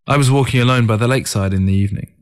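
A man narrating a first-person story in a calm, reflective audiobook reading. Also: medium pitch, rapid-fire.

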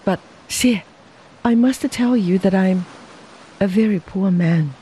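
A reader voicing a young man who speaks quietly and in murmurs, loving but weighed down with sorrow. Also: mid-range voice, slow pace, slight background noise, close to an everyday voice. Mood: sorrowful. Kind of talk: audiobook dialogue reading.

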